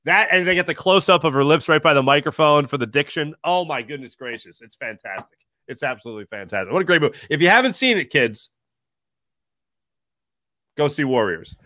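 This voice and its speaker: A man co-hosting a casual sports talk show, animated and jokey, jumping between tangents. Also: a little high, fairly quick. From Philadelphia area. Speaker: sports radio co-host.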